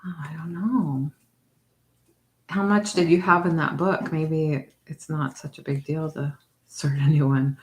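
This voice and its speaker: Low-voiced chatty woman crafting live. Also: fairly even intonation, unhurried, a little hiss or hum. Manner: chatty, meandering, reads out viewer comments. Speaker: craft livestream host. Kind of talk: casual chat with viewers.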